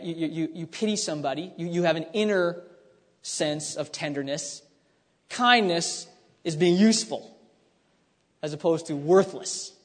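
A man preaching a conversational sermon, teaching with frequent restarts and asides. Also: high voice. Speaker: pastor. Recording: long hall reverb.

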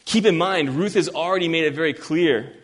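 A man preaching an expository sermon, earnest and emphatic, reading scripture slowly. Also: fairly high pitch. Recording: long hall reverb.

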